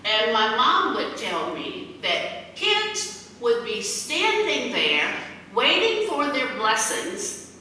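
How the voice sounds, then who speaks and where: Middle-aged woman guest speaker, unhurried and folksy, heard from far off in an echoey hall. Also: a little high, huge pitch swings, bright, forceful tone, a little hiss or hum. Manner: heartfelt, folksy, acts out quoted voices. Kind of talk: storytelling speech. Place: large meeting hall.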